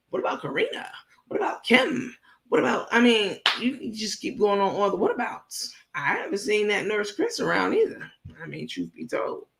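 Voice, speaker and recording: Female stream host, gravelly edge, blunt and gossipy, reads chat aloud between loose unscripted commentary. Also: medium pitch. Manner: blunt, gossipy, frequent fillers and laughs. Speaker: livestream host. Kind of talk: casual commentary reading live chat.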